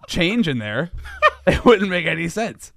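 A man co-hosting a podcast in casual chat, jokey and quick to laugh, from central Pennsylvania. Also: high-pitched, creaky, a crowd in the background. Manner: jokey, animated, laughs often. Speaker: podcast co-host.

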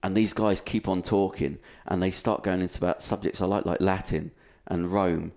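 A man co-hosting a podcast, telling an animated anecdote in casual chat and swearing freely. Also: sits low, moderate pace, creaky. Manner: animated, swearing, acts out voices in his anecdotes. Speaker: podcast co-host. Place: indoor podcast studio.

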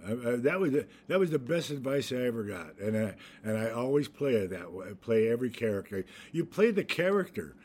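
A man's voice: mid-range voice, fairly quick, hardly any pauses, husky. An older man, an actor being interviewed, telling stories with lots of restarts and laughter, acting out the voices he quotes. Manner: animated storyteller, acts out quotes, laughs often, many restarts. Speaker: actor guest. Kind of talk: anecdotal interview storytelling.

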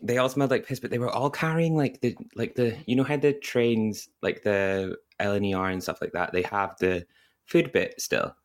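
A lower-voiced British man chatting on a podcast, spinning a rambling, animated anecdote. He talks casually, leans on "like" constantly and breaks into voices for the people in his story. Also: moderate pace. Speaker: podcast co-host. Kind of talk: casual chat.

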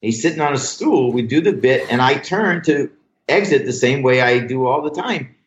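An older man, a comedy writer as a podcast guest, telling show-business stories in a lively, profane, casual way. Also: medium pitch, normal speed. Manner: animated anecdotal storyteller, swears freely. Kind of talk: casual storytelling interview. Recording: roomy, dull lo-fi sound.

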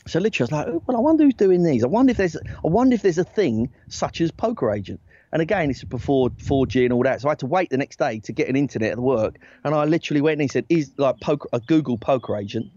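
Guy spinning wild stories on a podcast, gets loud and squeaky when worked up, dull dry sound. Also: quick pace, dry recording. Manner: animated anecdotes, rising excitedly, lots of restarts. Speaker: guest, former football agent. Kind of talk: casual storytelling in a podcast interview.

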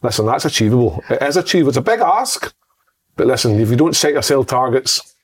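A man's voice: mid-range voice, very animated, quick pace, breathy edge. A Scottish man in casual podcast chat about football, bantering and repeating short exclamations.

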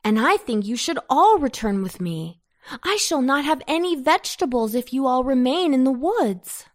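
A woman's voice: medium pitch, sing-song, slow, a bit bright, heavily acted. A woman voicing Anton, a proud, earnest ten-year-old boy, in a storybook reading. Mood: dismayed.

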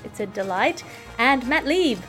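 A woman's voice: on the high side, expressive, unhurried, a bit bright, faint music behind. A woman hosting a comedic news podcast, with a dry, wry delivery. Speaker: host.

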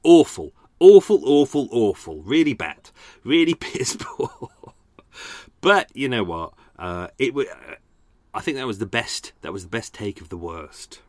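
A man's voice: fairly low pitch, big pitch swings, measured pace, a bit bright, dry recording. A man hosting a podcast, chatting casually with rambling, self-deprecating remarks and frequent laughs. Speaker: podcast host. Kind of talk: casual commentary. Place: home by a canal.

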